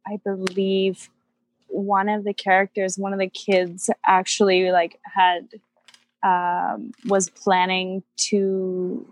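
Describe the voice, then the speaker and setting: A woman guest on a podcast, a nutrition coach, chatting casually with lots of fillers and hesitations. Her voice is close and dry on the mic, at an ordinary mid pitch. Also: monotone, takes it slowly, dry recording. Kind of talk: casual interview chat.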